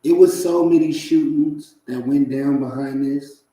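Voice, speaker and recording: A man with a very dark, mellow voice comments casually on clips, talking straight to his audience in slang. The room around him rings with strong echo. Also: fairly high pitch, fairly even intonation, unhurried. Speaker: podcast host reacting to clips. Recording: very echoey room.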